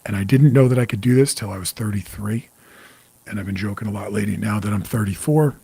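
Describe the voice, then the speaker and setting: A man in his forties with a lowish, husky voice talks casually into a close mic with a dry sound. He is blunt and easygoing, greeting viewers by name and swearing freely as he hosts his livestream. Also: quick pace, warm tone, dry recording. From New York area. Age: 40s. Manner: candid, loose, curses freely, greets viewers. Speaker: psychic medium host.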